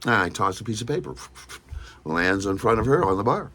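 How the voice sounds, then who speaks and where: A man tells a story in a casual, animated way, stumbling over repeated words and acting out other people's lines. His voice sits low but sounds bright and forward, and it swings widely in pitch. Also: a little fast. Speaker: podcast host.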